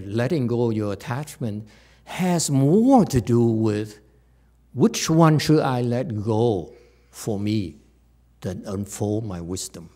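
A man as a Buddhist teacher giving a dharma talk, rhetorical and animated, with many fillers and restarts. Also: medium pitch.

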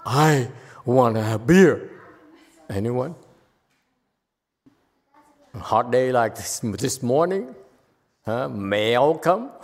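A man's voice: medium pitch, in a large hall. A man giving a spiritual teaching to a congregation, playful and full of rhetorical questions and repeated phrases. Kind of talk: dharma talk to a congregation.

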